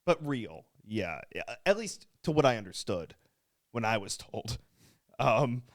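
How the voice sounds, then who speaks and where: A man co-hosting a podcast in casual chat, laid-back and halting, with lots of fillers and swearing. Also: medium pitch, big pitch swings. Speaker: podcast co-host.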